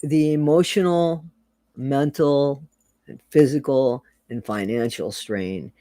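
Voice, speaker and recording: An earnest man chatting on a live stream, reading comments and greeting viewers by name. His voice sits at an ordinary middle pitch, and he swears casually. The sound is dry and close, with no room echo. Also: slow, mellow.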